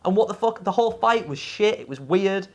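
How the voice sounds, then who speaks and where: A woman's voice: mid-range voice, lively intonation, brisk, darkish tone. A woman co-hosting a game review show, ranting about a game in casual, profane, exasperated chat.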